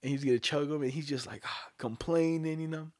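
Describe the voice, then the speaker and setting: A young man telling a story in casual chat, animated and swearing, acting out the voices of the people in it. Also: fairly high pitch, fairly quick, no echo, clean studio sound.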